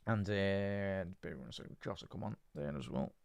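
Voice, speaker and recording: A man hosting a live football watch-along, giving chatty fan commentary, answering viewer chat and shouting out at big moments. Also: low voice, lively intonation, a little fast, vocal fry, clean tone, no echo.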